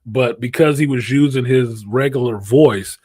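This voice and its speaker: A man hosting a casual pop-culture chat, animated and profane, with a husky voice. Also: medium pitch, measured pace, no room sound. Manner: animated, profane, puts on voices when quoting. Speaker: podcast host.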